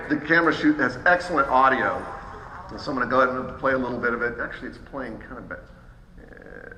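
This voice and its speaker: Man, live software demo, casual and upbeat, very bright voice, roomy hall echo. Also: medium pitch, slight background noise. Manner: casual, upbeat, many fillers and restarts. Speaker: software trainer presenting at a trade show. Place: large hall.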